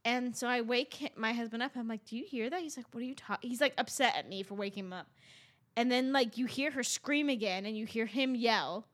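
A woman's voice: a little high, fairly quick. A young adult woman, a podcast co-host, chatting casually and acting out the lines of people in her story. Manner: animated storyteller, acts out quotes.

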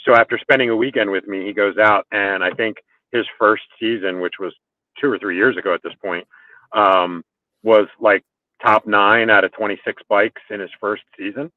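A man's voice: fairly low pitch, fairly even intonation, normal speed, no echo. A man who runs motorcycle track days and coaches riders, talking casually on a podcast in a rambling way full of fillers and restarts. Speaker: motorcycle track day organizer and riding coach. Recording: phone-like call audio.

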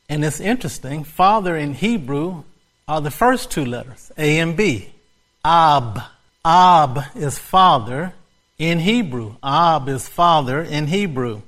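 Slow, emphatic male preacher. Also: a little high, animated, a bit bright. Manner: repetitive, emphatic, bursts into laughter. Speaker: pastor. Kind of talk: sermon.

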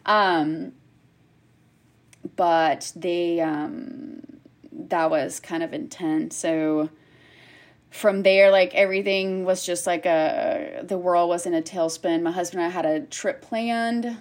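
A woman in casual chat, telling a personal story with lively acted-out quotes. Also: fairly low pitch, slow pace. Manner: animated storyteller, acts out quotes. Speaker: guest sharing her story.

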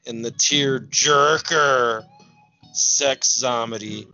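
A man co-hosting a comedy podcast, doing comic bits and deadpan parody trailer narration. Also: mid-range voice, extremely slow. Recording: dull lo-fi recording with faint music.

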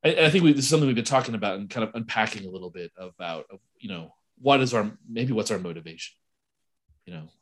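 A man co-hosting a casual conversation about ministry, talking haltingly with restarts and easy laughter. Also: lowish voice, animated. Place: at home late at night.

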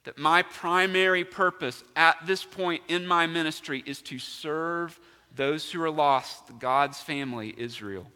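Bright-voiced male pastor in an echoey hall. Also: on the high side, a little slow, smooth. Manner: emphatic, asks the congregation questions. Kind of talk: sermon. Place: church sanctuary.

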